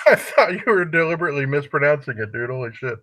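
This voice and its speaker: A man's voice: fairly high pitch, lively intonation, fast, fairly bright tone, rough recording. A man on a livestream, throwing in profane, laughing asides to his friends. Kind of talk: casual livestream chat.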